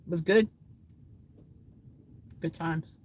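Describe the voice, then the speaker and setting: A man chatting casually on a livestream, reading out chat comments and rambling excitedly with frequent laughter. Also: fairly high pitch, takes it slowly, poor audio.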